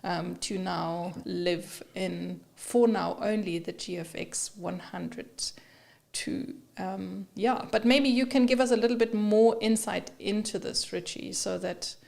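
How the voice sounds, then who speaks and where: A woman co-hosting a photography live stream, chatting casually with viewers and her co-host, with many fillers and pauses. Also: medium pitch, creaky, a little mellow.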